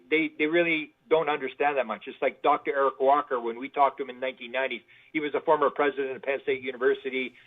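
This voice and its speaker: A man, a guest in an interview, telling stories in a rambling way, often repeating words. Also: mid-range voice. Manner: rambling, repeats words, acts out quoted voices. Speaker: guest researcher. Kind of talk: casual interview storytelling. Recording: tinny phone line.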